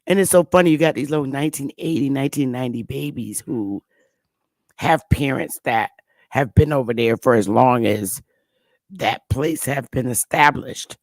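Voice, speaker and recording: A man hosting a casual online chat, talking in an animated way and laughing easily. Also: mid-range voice, moderate pace, no echo. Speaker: host. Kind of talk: casual conversation.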